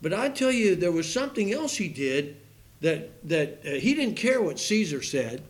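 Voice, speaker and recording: Man, preacher, sermon, fervent emphasis, scripture reading, fillers and restarts, slightly high voice. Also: very animated, moderate pace. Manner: reads scripture aloud in King James wording.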